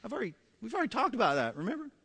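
A man voicing God as a patient, fatherly figure who gently corrects and reminds. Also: very high voice, big pitch swings, racing, gravelly, husky, long reverb tail, pitched above the performer's own voice, heavily acted.

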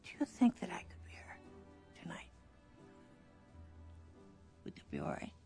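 An actress playing a frail elderly woman with dementia in a film drama, whose voice is gravelly and quavering. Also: fairly low pitch, wildly swooping pitch, measured pace, in a whisper, soft background music, full character voice. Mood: wistful. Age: older. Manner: soft wistful talk that breaks into frantic screaming.

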